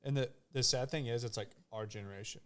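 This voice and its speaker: A young man hosting a podcast, chatting casually and riffing with quick opinions. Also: mid-range voice, clean tone. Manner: quick and opinionated, talks in run-on riffs. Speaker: podcast host.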